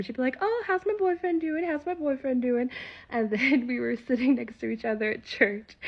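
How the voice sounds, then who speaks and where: A woman's voice: mid-range voice, muffled recording. A young woman casually telling a story, chatty, laughing often and full of fillers.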